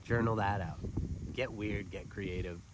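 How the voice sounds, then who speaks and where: A man's voice: fairly low pitch, fairly even intonation, unhurried, background noise. Rambling man reading oracle cards outdoors. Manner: loose, rambling, chatty. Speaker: oracle card reader. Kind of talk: casual spiritual card reading. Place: outdoors at a lakeside park.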